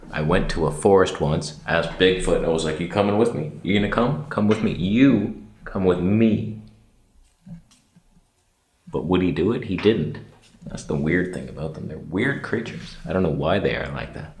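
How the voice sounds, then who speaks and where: A man voicing a dim, rambling man who tells pointless stories in a slow, deadpan drawl. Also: roomy sound, slight background noise. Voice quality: low, dopey drawl. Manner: slow, deadpan, absent-minded.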